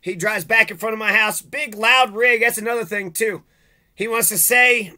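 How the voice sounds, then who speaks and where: A man's voice: sits high, moderate pace, sharp tone. A man giving an agitated, profane, sarcastic rant in video commentary. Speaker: vlogger.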